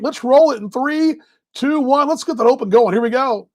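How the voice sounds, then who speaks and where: An American man hosting a live baseball talk show, chatty and energetic, rambling with fillers. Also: extremely high pitch, a little fast. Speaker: podcast host. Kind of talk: casual live sports talk.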